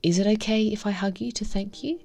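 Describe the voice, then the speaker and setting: A woman voicing a shy, gentle teenage boy who stammers and speaks softly and timidly in a visual novel. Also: medium pitch, brisk, soft background music, voice pushed up, natural voice. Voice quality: stuttering.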